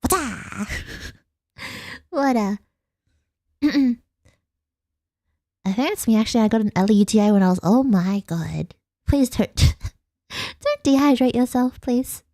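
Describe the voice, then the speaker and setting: A woman's voice: fairly high pitch, expressive, unhurried, pauses often, mellow, no echo, clean studio sound. A young Australian woman streaming a casual late-night chat, rambling and giggling as she answers her viewers. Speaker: vtuber streamer.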